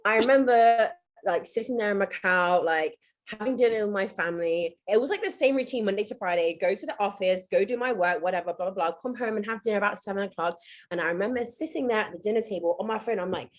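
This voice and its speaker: A woman's voice: medium pitch, quick pace. A young woman from the UK, chatting on a podcast and telling stories, acting out what people said. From United Kingdom. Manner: chatty, storytelling, acts out quotes. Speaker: podcast co-host. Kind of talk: casual storytelling chat.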